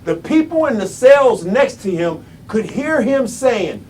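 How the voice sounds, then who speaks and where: A man giving a high-energy motivational speech in a preaching cadence, repeating phrases and breaking into shouts. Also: big pitch swings, measured pace, hardly any pauses, far from the mic, slight background noise. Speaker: motivational speaker.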